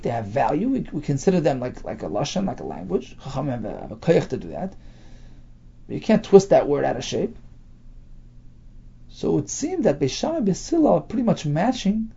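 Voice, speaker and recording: Gravelly, animated male Talmud teacher. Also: fairly high pitch. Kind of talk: daily Talmud class, explaining the text. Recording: dull lo-fi class recording.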